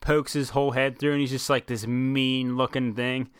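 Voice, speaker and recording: A young man co-hosting a podcast chats and rambles informally, packing in fillers and restarts. He speaks at normal speed in a level, mid-range voice that's clear and resonant, on a dry, studio-quality recording.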